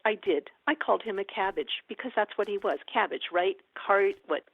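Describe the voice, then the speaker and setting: A woman, an experienced emergency nurse and educator, tells stories in an animated way and acts out the voices. Her voice has a gravelly edge. The recording is a dry, tinny, phone-like line. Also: medium pitch, moderate pace, no echo. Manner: lively, animated storyteller acting out quoted dialogue. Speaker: ER nurse and educator, podcast guest. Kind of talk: conversational storytelling interview.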